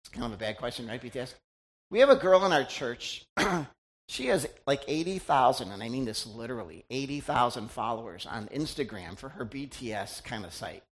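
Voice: medium pitch, lively intonation, a little fast. A middle-aged pastor giving a conversational sermon, chatty and teasing, often quizzing the congregation.

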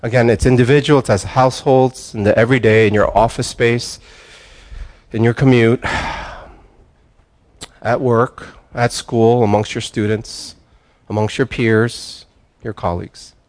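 An older man preaching a sermon, telling a story as if chatting with friends. He restarts his phrases often and drifts down into a quieter, slower voice when he prays. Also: mid-range voice, fairly even intonation. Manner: conversational storytelling, with restarts and soft laughs. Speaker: pastor.

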